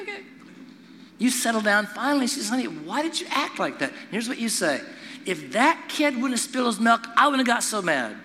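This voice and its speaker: A middle-aged man preaching a sermon to a congregation, telling stories and acting out voices in an animated way. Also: high voice, long reverb tail, slight background noise. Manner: animated storytelling with acted-out voices. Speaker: pastor.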